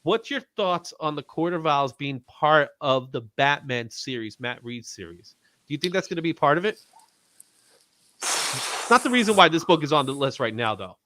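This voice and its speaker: A man hosting a casual livestream chat about comics, animated and often laughing. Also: a little high, normal speed. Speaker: host.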